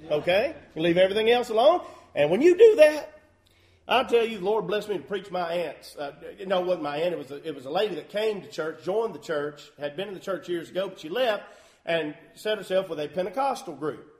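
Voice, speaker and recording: A man preaching a sermon as a pastor, folksy and emphatic with loud bursts. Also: high-pitched, expressive, fairly quick. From Southern US.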